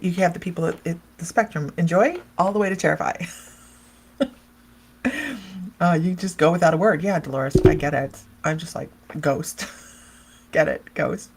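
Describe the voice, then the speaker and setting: A woman's voice: lowish voice, brisk, vocal fry, a little mellow, slightly rough. A woman psychic medium hosting a casual livestream, chatting and rambling, laughing often and talking straight to viewers by name as she reads their comments.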